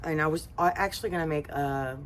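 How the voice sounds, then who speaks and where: Southern lady rambling on about her week, really low voice, bit of hum behind her. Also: quick pace. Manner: chatty, rambling, many fillers. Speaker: home cooking channel host. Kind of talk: casual talk to camera.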